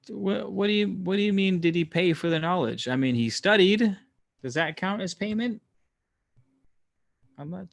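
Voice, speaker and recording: A man's voice: medium pitch, gravelly. A man hosting a casual livestream, answering his chat in a rambling way, laughing often and swearing freely. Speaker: livestream host reading chat. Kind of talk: casual live chat with viewers.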